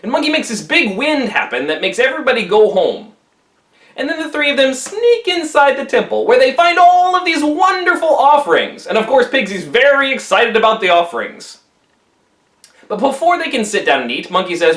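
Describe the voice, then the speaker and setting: A man retelling an old legend in a casual, animated storytelling style with jokey asides. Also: very high voice, moderate pace. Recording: roomy echo.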